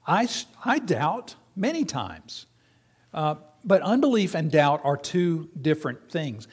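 A man's voice: a little high, very animated, unhurried, slightly rough. A man preaching a sermon to his church, talking in a conversational way and asking the congregation questions. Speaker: pastor.

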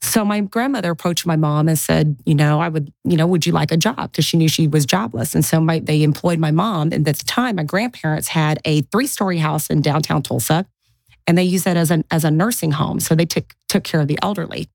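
A woman in her forties, a guest in an interview, chatting and telling animated stories from her life. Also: sits low, fairly quick, gravelly, no room sound. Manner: chatty, animated, mimics family voices in anecdotes. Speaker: guest, real estate investor. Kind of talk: casual interview storytelling.

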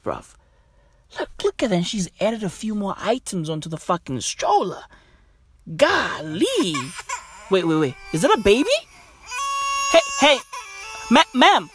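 Young woman ranting in profane slang for a comedy bit, high voice, slow delivery. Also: big pitch swings, music in the background. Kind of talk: comedic character monologue.

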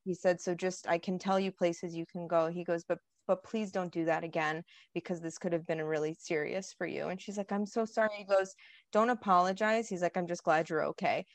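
A woman's voice: lowish voice, brisk, hardly any pauses, no echo. Woman co-host telling a story, dry sound. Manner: storytelling, animated retelling. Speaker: podcast co-host. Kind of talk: casual chat.

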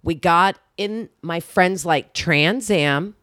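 A woman telling a story in casual chat, animated and swearing freely, acting out the people she quotes. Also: lowish voice, slow pace, no echo, studio quality. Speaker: guest.

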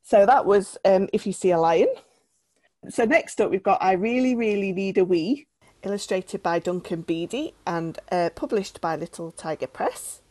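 A woman's voice: mid-range voice, moderate pace, dark tone, dry recording. A woman hosting an interview, asking questions in an enthusiastic, encouraging way. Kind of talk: podcast interview.

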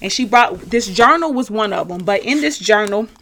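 Woman host, earnest testimony voice, animated storytelling, restarts mid-sentence, mid-pitched. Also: normal speed. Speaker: podcast host. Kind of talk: personal faith testimony to a live online audience.

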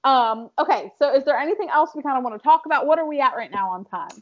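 A woman's voice: sits high, expressive, fast. A young woman co-hosting a casual chat, nervous and giggly, then reading a heartfelt speech aloud in an earnest way. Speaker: podcast co-host. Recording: dull, lo-fi sound.

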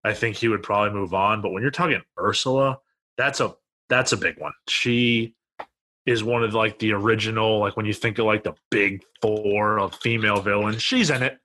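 A man's voice: fairly low pitch, moderate pace, bright, forceful tone. A man co-hosting a casual beer podcast, reading tasting notes and making wry, sarcastic asides. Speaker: podcast co-host.

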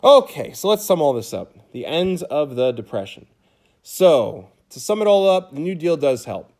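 Speaking at a normal pace in a fairly high, sing-song voice with a darkish tone, a middle-aged man teaches history from home while cats are close by. He talks over slides in a relaxed lecture, often asking "okay?" and "right?" to check in.

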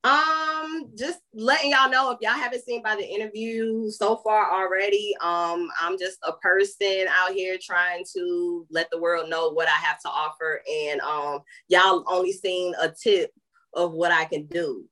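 Lively Southern woman with a country accent. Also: on the low side, measured pace. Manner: lively, laughs often, slangy. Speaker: guest musician. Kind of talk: casual interview chat.

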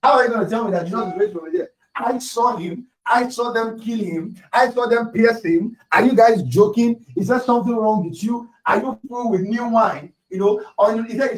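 Emphatic preacher, high voice, echoey hall. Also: male voice, moderate pace, few pauses. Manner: emphatic, repeats key phrases, sometimes shouts. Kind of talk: sermon. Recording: echoey room, distant mic.

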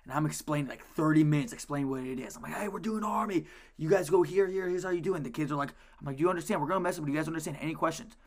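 Animated, swearing, higher-voiced male co-host. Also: very fast, hardly any pauses. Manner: animated storytelling, heavy swearing. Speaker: co-host, youth lacrosse coach. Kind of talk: casual podcast chat.

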